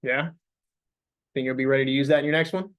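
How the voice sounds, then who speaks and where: A man's voice: medium pitch, steady tone, fast, a bit bright. A young man leading a sales staff meeting, coaching the group with upbeat questions.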